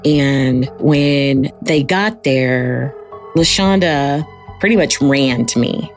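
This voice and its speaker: A woman's voice: a bass voice, takes it slowly, faint music behind. A woman in an interview, earnestly recalling events as a close family friend. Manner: earnest retelling with quoted dialogue. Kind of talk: recounted personal story.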